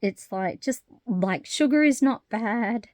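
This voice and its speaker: A woman talking openly to camera in a casual vlog, animated and frank, swearing freely and laughing often. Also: on the high side, slow, dry recording, clean studio sound. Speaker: vlogger. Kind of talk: casual personal monologue.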